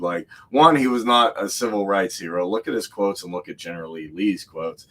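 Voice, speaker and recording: A man's voice: low-pitched, a little fast, few pauses, fairly bright tone. A man talking in a casual political podcast chat, rambling and slipping into mock voices as he quotes others.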